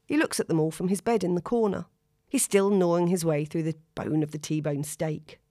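Brief: female narrator, steady expressive reading, low voice, dry booth. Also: normal speed, dry recording. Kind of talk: audiobook narration.

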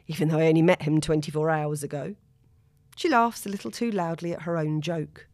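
A woman narrating a story in a steady, expressive reading. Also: sits low, brisk, no echo, studio quality. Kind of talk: audiobook narration.

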